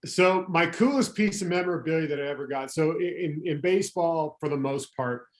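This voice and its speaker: A middle-aged man, a former pro pitcher, telling anecdotes as a podcast guest in a rambling way, correcting himself as he goes. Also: a little fast. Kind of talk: casual storytelling chat.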